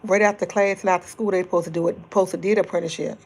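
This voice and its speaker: Chatty middle-aged woman, low voice. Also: fairly even intonation, very fast. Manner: chatty, rambling, laughs often; speaking softly at times to keep quiet. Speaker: livestream host. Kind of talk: casual livestream chat with viewers.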